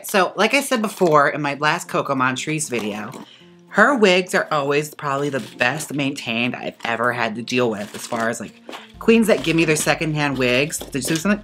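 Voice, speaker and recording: A man's voice: on the high side, pushed and bright. A man hosting a wig-styling video in a playful, campy, chatty way. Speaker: wig stylist and channel host. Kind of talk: casual tutorial chat.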